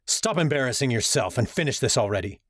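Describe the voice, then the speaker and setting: A man's voice: medium pitch, expressive, fast talker, fairly bright tone, no room sound, studio quality. A man voicing a hostile, sneering young warlock bully who snarls his lines in an audiobook. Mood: snarling. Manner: snarling, scornful.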